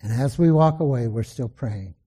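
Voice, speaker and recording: A man's voice: mid-range voice, normal speed, dark tone, slightly rough. A male pastor preaching a sermon in an emphatic, storytelling way.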